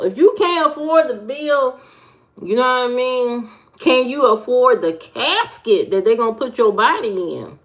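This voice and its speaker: Woman livestreamer, slow comic rants, somewhat high voice. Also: expressive, a bit bright. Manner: comic rants, greets viewers by name, repeats words. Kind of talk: casual livestream chat.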